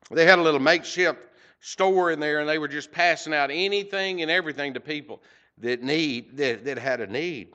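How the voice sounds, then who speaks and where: A man giving a heartfelt report to a church congregation, halting and emotional, with many fillers. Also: fairly high pitch, bright, forceful tone, highs cut off. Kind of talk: storytelling church talk. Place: church sanctuary.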